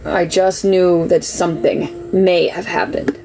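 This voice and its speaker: A woman's voice: lowish voice, fairly even intonation, measured pace, vocal fry, mellow, a little hiss or hum, rough recording. A woman on a live stream explaining herself in an emotional, defensive, rambling way, full of "like" fillers. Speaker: livestreamer telling her side. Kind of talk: casual live-stream monologue.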